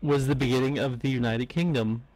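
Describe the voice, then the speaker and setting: A man's voice: mid-range voice, steady tone, fairly quick, darkish tone, no echo, low-quality recording. A man chatting casually with friends on a game stream, explaining things in a lecturing way.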